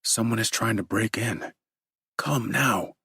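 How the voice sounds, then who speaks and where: A man's voice: on the low side, slow, vocal fry, pushed and bright, husky, dry recording, clean studio sound, pitched above the performer's own voice, heavily acted. A man voicing a tense, alarmed male governor who speaks in urgent commands. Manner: urgent and commanding, breathless when scared.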